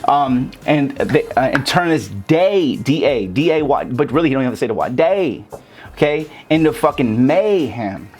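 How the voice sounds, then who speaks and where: A man's voice: mid-range voice, very animated, moderate pace, a little mellow, husky. A young man giving a loose, casual rap lesson, cursing freely and breaking lyrics down vowel by vowel. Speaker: rap teacher. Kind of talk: casual tutorial talk.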